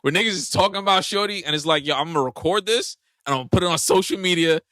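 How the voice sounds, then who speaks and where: A man's voice: sits high, rapid-fire, bright, forceful tone. A man with a New York accent co-hosting a podcast, talking emphatically with lots of street slang. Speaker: podcast co-host. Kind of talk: casual chat.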